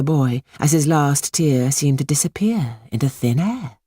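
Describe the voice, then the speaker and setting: A woman reading a children's story aloud in a hushed, suspenseful manner. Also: a bass voice, expressive, normal speed, hardly any pauses, breathy edge, no room sound, clean studio sound. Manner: hushed and suspenseful, lingering on words. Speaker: audiobook narrator. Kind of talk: scripted storybook narration.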